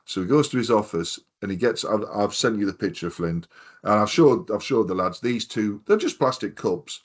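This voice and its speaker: A man's voice: lowish voice, expressive, moderate pace. A man in his fifties chatting casually on a podcast, telling rambling anecdotes full of swearing and quoted voices. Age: 50s. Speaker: podcast co-host. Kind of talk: casual chat, storytelling.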